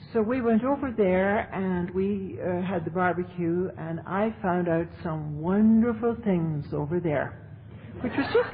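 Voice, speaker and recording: A woman telling her recovery story to an audience as a speaker, in a chatty, humorous way. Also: fairly low pitch. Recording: tinny lo-fi tape with faint hiss.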